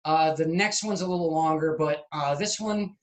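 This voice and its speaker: A middle-aged man being interviewed over a video call, telling stories in an animated way, acting out scenes and laughing at his own anecdotes. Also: on the high side, moderate pace. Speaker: guest, comedy video maker. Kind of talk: casual interview.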